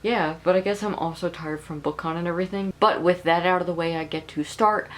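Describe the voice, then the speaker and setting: A woman's voice: fairly low pitch, steady tone, brisk, rough recording. A young woman talking casually in a reading vlog, rambling and chatty with plenty of filler words. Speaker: book vlogger.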